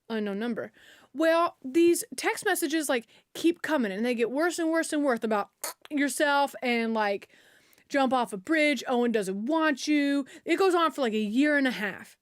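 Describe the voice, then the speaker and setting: A woman's voice: high voice, dry recording, clean studio sound. A young woman streamer retelling a story in casual, slangy chat, full of fillers and outbursts.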